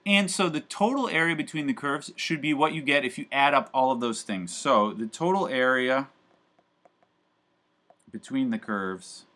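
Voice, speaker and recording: A man's voice: mid-range voice, normal speed, pushed and bright. A man teaching a live university calculus class, talking casually with lots of fillers and joking asides. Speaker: university math professor.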